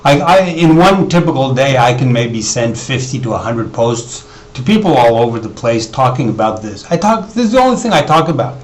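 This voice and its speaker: A man's voice: medium pitch, animated, fairly quick, poor audio. A man talking in a rambling video monologue, with many restarts and repetitions. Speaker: video blogger. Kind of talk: unscripted monologue to camera.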